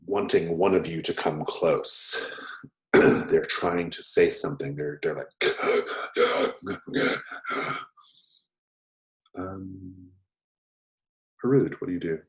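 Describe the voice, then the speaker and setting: A man runs a tabletop horror game with deliberate, descriptive narration. His voice is deep and his pace unhurried. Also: steady tone. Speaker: game master.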